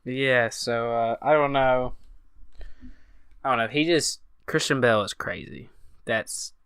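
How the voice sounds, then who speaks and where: Male co-host, casual chat, bright crisp voice, dry sound. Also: medium pitch, dry recording. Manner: halting, restarts often, relaxed.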